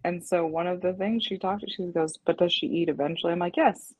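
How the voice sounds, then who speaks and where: Husky-voiced woman in candid chat. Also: fairly low pitch, steady tone, quick pace, muffled recording. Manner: candid, laughing, self-deprecating. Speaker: parent in group chat. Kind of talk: casual chat.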